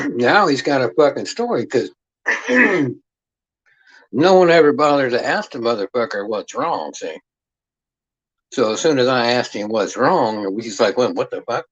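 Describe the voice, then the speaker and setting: A man's voice: medium pitch, breathy edge. Man, livestream host, profane streetwise banter, rambling storyteller, muffled lo-fi sound.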